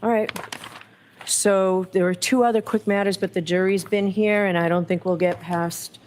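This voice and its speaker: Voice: mid-range voice, fairly even intonation, moderate pace, slight background noise. A judge ruling from the bench in a courtroom, firm and decisive.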